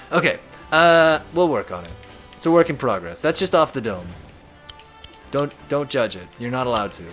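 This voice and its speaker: A man's voice: mid-range voice, normal speed, faint music behind. A man live-streaming a strategy game, chatting casually and reading viewer messages aloud. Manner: reads chat aloud, chatty and animated.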